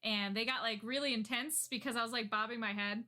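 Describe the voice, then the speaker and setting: A woman co-hosting a podcast, telling stories in casual chat with an animated manner and frequent laughter. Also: on the high side, fairly quick. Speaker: podcast co-host.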